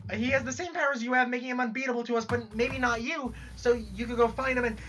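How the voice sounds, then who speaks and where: A woman's voice: on the high side, fairly even intonation, brisk, slight background noise, close to an everyday voice. A woman reading a guilty, stammering girl. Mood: explaining. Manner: hesitant, stammering, gently reasoning. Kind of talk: live-stream read-aloud of a web comic.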